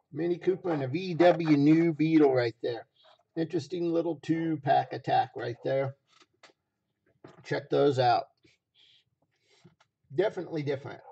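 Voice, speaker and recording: A hoarse man running a live stream auction, repeating phrases as he hypes each item from a basement room. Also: fairly high pitch, mellow, highs cut off, slight background noise.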